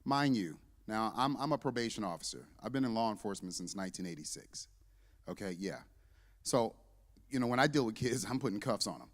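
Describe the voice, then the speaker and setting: A man's voice: on the low side, brisk, in a large hall. A man in his fifties, a church deacon, giving a humorous testimony to a congregation and acting out the dialogue in his story. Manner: lively, joking storyteller who acts out dialogue. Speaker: church deacon and visiting parent. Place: church sanctuary.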